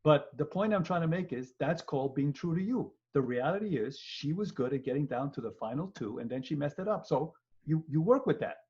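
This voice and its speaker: Animated fifty-something professor, husky lo-fi audio. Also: male voice, on the high side, a little fast. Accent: New York. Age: 50s. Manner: animated, joking, acts out quoted voices. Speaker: law professor. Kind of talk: webinar lecture. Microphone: computer mic on video call. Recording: muffled lo-fi webinar audio.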